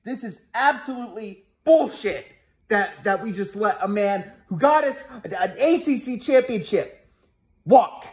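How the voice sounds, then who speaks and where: A man's voice: high voice, lively intonation, unhurried. A man ranting angrily and profanely as a sports fan vlogger, talking heatedly to his viewers with frequent restarts. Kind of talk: angry fan rant to camera.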